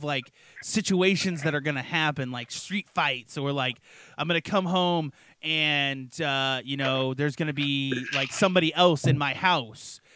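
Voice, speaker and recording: A young man co-hosting a crude late-night podcast, loud, joking and swearing constantly. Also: a little high, no echo. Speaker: co-host.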